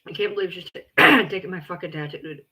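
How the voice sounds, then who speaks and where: A woman livestreaming and chatting casually, blunt, exasperated and quick to swear. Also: on the low side, sharp tone, breathy edge.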